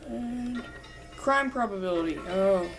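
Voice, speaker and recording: Chatty young woman, slow and high. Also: expressive, over music. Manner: chatty, rambling, breaks into humming and singing. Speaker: gameplay commentator. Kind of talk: casual game commentary.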